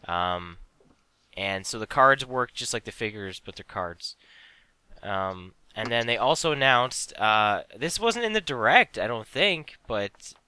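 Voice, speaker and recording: A man's voice: medium pitch, lively intonation, measured pace, pushed and bright, smooth. A young man co-hosting a casual gaming podcast, listing news in a hesitant way with many ums and a voice that trails off. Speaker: podcast co-host.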